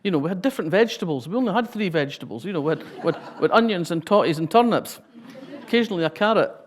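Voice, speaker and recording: A woman's voice: fairly low pitch, expressive, rapid-fire, a faint crowd. A Scottish woman in her sixties giving a public talk, reading a passage and then telling wry, humorous anecdotes.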